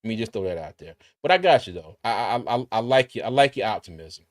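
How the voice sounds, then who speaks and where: A man's voice: lowish voice, sing-song, fast talker, dry recording, clean studio sound. Chatty man on a livestream. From Carolinas, US. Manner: chatty, reads viewer comments aloud, frequent restarts. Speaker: livestream host. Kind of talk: casual livestream chat.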